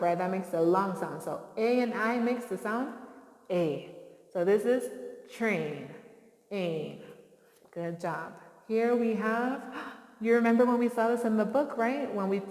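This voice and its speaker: A woman's voice: a little high, a little mellow. A woman teaching a phonics lesson to young children, with encouraging call-and-response prompts and frequent praise. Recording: roomy with long reverb.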